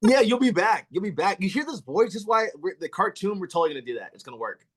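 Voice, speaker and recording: A man's voice: high-pitched, very animated, rapid-fire, a bit bright, breathy edge. A man hosting a podcast, chatting with a guest in an enthusiastic, effusive, self-deprecating way. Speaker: podcast host. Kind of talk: casual interview chat.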